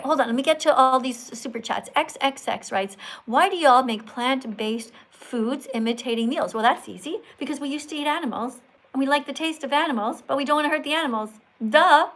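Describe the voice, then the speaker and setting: High-voiced preachy woman livestreamer. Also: a bit bright. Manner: preachy, scolding, repeats phrases emphatically. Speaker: vegan activist livestreamer. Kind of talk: livestream chat answering super chats.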